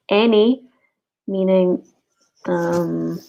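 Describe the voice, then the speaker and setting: A woman teaching an online grammar lesson, slowly repeating each example sentence. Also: medium pitch, a little mellow, a little hiss or hum. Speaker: English teacher. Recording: dull lo-fi recording.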